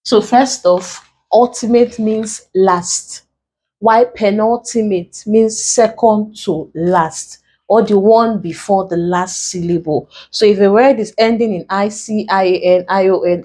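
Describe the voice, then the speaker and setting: A Nigerian woman working as an English tutor gives an exam-prep lesson, spelling out letters one at a time and explaining every step. Her voice is medium-pitched and warm, though the audio quality is poor.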